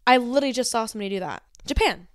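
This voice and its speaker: Smooth-voiced chatty woman co-host. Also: a little high, no echo, studio quality. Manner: chatty, expressive, quick reactions. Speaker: podcast co-host. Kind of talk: casual celebrity gossip chat.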